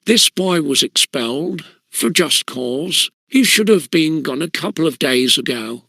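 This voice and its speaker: A man narrating an audiobook in a measured storytelling manner. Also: a little high, lively intonation, sharp tone, no echo. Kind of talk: scripted narration.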